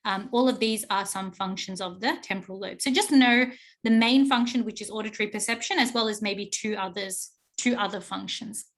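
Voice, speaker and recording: A woman's voice: medium pitch, a little fast, few pauses. Woman, young adult, teacher, explanatory, "okay?" check-ins. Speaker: psychology teacher. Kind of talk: recorded online class lecture.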